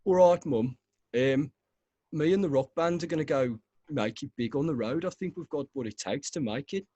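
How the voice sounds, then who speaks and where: An eager young Brummie lad with a Birmingham accent, talking in a chatty, offhand way, as a podcast host puts him on. The voice is soft and low-key. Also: male voice, normal speed, slightly rough, no room sound, lo-fi sound.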